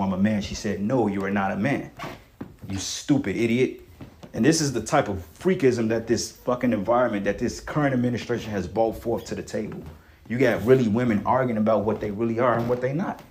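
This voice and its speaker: A man reading scripture aloud and breaking into blunt, profane commentary, often tagging his lines with "okay" and "man." He reads single words slowly, giving each one weight. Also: fairly low pitch, a little mellow, a little hiss or hum. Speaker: scripture teacher.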